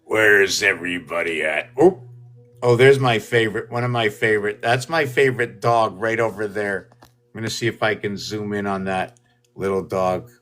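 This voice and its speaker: A man's voice: fairly low pitch, normal speed, a bit bright. Man, solo video talk, meandering, thinking aloud, filler-heavy. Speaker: video host.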